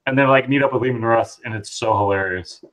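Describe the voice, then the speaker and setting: A man co-hosting a casual live chat, excitable and rambling as he retells scenes. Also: medium pitch, fast, rough recording. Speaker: podcast co-host.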